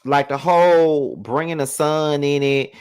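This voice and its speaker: A man's voice: a little high, steady tone, unhurried, a little mellow, clean tone. A man giving a live reality TV recap, ranting to his viewers with lots of profanity. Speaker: TV show reviewer.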